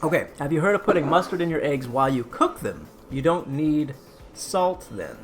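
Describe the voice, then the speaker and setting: A man's voice: fairly high pitch, sing-song, normal speed, soft background music. A man hosting a casual cooking live stream, chatty and rambling as he answers chat.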